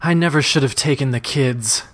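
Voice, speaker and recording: A man's voice: mid-range voice, moderate pace, a bit bright, natural voice. Brief: man doing a tough mother, his plain voice, earnest with mock drama.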